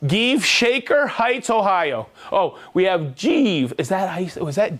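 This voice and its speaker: A man hosting a livestream, reading out viewer shout-outs in an upbeat, jokey way. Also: high-pitched, sing-song, unhurried. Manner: upbeat, jokey, rattling off names and places. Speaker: livestream host.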